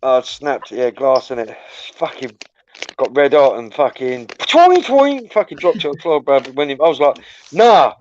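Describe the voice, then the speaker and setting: In a casual livestream chat, a man launches into a profane, meandering story with animated delivery. He speaks briskly at medium pitch, with the highs cut off and slight background noise.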